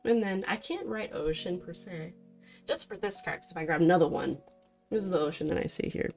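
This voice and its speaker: A woman with a somewhat low voice chats casually through a livestream as she works through tarot cards. She greets her viewers affectionately. Quiet music plays faintly in the background. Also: animated, brisk, creaky. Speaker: streamer reading tarot cards.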